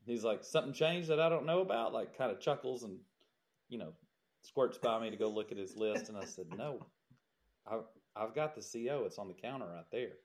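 Guy telling a funny work story on a podcast, lively, laughs a lot. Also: fairly low pitch, moderate pace. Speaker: podcast co-host, builder. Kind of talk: storytelling in casual chat.

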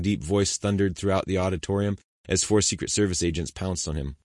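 Brief: very low male narrator, dry close studio read, measured pace. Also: darkish tone, dry recording. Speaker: audiobook narrator. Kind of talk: scripted narration.

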